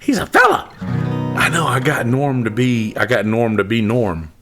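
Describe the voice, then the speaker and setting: A man's voice: mid-range voice, moderate pace, over loud music. A man hosting a podcast, chatting playfully with asides to his listeners. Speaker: podcast host. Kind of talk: casual podcast chat.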